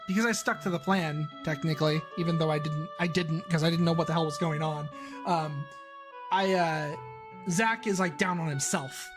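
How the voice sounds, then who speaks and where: High-voiced male streamer, rambling casual explainer, faint music underneath. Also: normal speed. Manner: rambling, explaining his own game. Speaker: game developer streamer. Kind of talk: casual livestream commentary.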